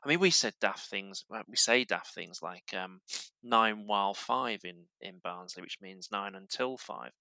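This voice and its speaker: A podcast host from Yorkshire with a softened Yorkshire accent, chatting casually and interviewing a guest with frequent restarts and fillers. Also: male voice, lowish voice, a little slow, clear, resonant tone, no echo. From Yorkshire, England.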